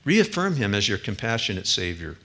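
A man preaching a sermon as a pastor, earnest, rising to emphatic peaks and dropping quiet again. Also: on the low side, very animated, brisk.

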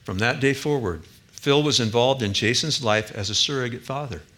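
A man preaching a sermon as a pastor, earnest, rising to emphatic peaks and dropping quiet again. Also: medium pitch, normal speed.

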